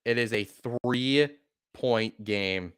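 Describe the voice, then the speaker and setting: Smooth-voiced profane fan commentator. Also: male voice, mid-range voice, very slow. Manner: excitable, profane, shouting when upset. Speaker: sports podcast host. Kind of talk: live play-by-play fan commentary.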